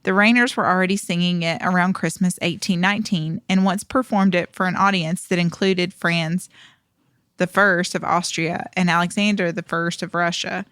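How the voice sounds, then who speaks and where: A woman co-host reads history from her notes in a studio podcast. Her voice sits a little low and sounds dry and close. She keeps a steady reading pace and stumbles now and then on unfamiliar names. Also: normal speed, clean tone, dry recording. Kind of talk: reading background notes aloud.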